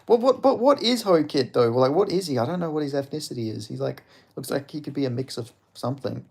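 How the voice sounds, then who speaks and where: Fairly high and slightly rough, this young man's creaky voice moves fast with lively intonation. He hosts a fight watch-along stream in casual chat, cursing often, joking with chat and laughing frequently.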